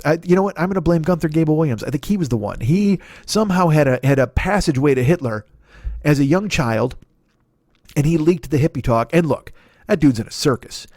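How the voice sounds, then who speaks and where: A man's voice: a little high, a little mellow, no room sound, clean studio sound. Profane rambling male comedy host. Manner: profane, digressive, self-correcting. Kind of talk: rambling comic monologue.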